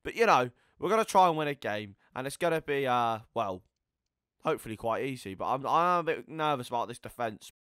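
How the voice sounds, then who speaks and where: An eighteen-year-old man giving casual gameplay commentary, chatty and swearing, yelling at the game. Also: medium pitch, animated, fairly quick, no echo. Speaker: gaming YouTuber.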